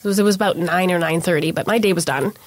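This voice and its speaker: A young adult woman races through an earnest account of her experience for an interviewer, acting out the things people said. Her voice is fairly low in pitch and the recording is dry.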